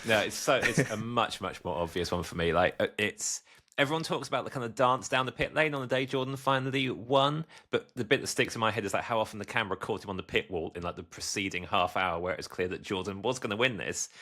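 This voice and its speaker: A man with a very low voice chats as a podcast guest. He restarts his sentences often, then rushes ahead when he gets going. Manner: hesitant restarts, quickens when excited. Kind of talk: casual chat.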